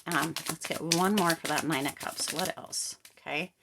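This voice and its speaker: A woman giving a casual tarot reading to camera, chatty and animated, often checking in with "right?" and "okay?". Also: deep voice, moderate pace, gravelly, background noise. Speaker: tarot card reader.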